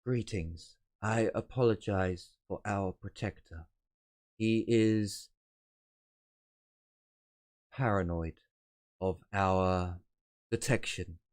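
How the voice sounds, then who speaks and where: A regal, elderly telepathic voice, put on by a man running a tabletop game, speaking softly and with measured formality. The tone sits very low and deep. Each word comes slowly and with dignity. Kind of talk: tabletop role-play voicing.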